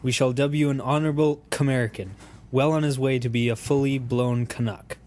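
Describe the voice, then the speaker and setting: A man's voice: mid-range voice, fairly even intonation, brisk, a little mellow. A man from Canada giving dry, mock-instructional scripted comedic narration. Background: background music.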